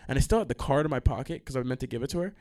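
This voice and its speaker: A young man hosting a podcast, telling stories in a casual, rambling way, swearing freely and breaking into quick asides and restarts. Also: mid-range voice. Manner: animated, profane, trails into quick asides and restarts. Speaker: podcast host.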